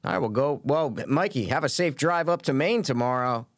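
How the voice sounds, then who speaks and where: Podcast co-host, male, animated delivery with a lot of pitch movement, dry close-mic sound. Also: normal speed, no room sound. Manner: animated, jokey, swears freely. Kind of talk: casual chat.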